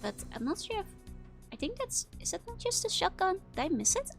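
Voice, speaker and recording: A woman's voice: very high voice, big pitch swings, a little fast, gravelly. A young woman from the Netherlands with a Dutch accent, chatting casually while streaming a game, laughing often and filling her talk with "like". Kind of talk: casual gaming livestream chat. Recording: game music playing behind.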